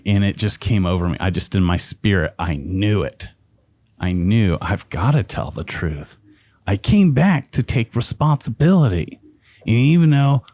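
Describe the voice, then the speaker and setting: A man's voice: fairly low pitch, dark tone, no echo. A man telling his life story as a podcast guest, speaking intensely and emphatically, swearing freely. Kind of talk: personal storytelling.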